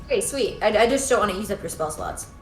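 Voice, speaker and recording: A woman's voice: medium pitch, expressive, fast talker, soft background music. A woman playing a tabletop game, asking unsure questions about the rules. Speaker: player. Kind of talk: casual tabletop game chat. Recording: roomy echo.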